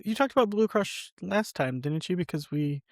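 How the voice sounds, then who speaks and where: A man's voice: high voice, expressive, moderate pace, dry recording. Dry-humored young man podcast co-host. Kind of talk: casual chat.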